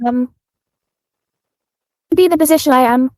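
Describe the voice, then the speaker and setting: A woman's voice: high voice, normal speed, darkish tone, dry recording. A British woman, a streamer, talking in an interview in an earnest, thankful way with many fillers. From Britain. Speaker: streamer guest. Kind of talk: casual interview chat.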